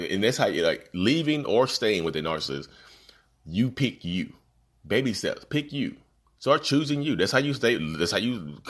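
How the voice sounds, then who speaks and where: A man's voice: sits low, a bit bright. A man hosting a podcast who gives casual, earnest self-help advice, repeating his points and calling his listeners "y'all.". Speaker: podcast host. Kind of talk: casual motivational talk. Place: home, about to join a video call.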